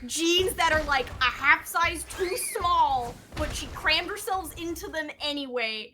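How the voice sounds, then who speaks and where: A woman's voice: high voice, a little slow, noisy background. A woman commentating a live game tournament in casual chat, playful and teasing, laughing often.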